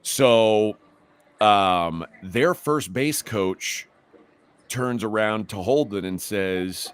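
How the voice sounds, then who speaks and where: The host, a middle-aged man, draws out his words in a lowish voice, with a bit of hiss or hum in the background. His casual podcast story wanders, restarts repeatedly, and gets heated.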